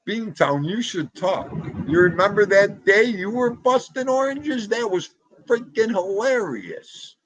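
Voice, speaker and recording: Husky, slow New man, loud, chatty livestream host, dry room. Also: high voice, no room sound. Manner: animated, talks loudly, greets chatters by name. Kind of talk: casual livestream chat reading comments. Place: home room.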